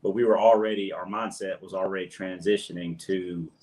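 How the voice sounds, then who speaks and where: Deep voiced louisiana guy, guest on a chat, earnest and a bit halting. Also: fairly even intonation, a little mellow. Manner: hesitant, repeats words, earnest. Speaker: guest homesteader. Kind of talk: casual interview chat.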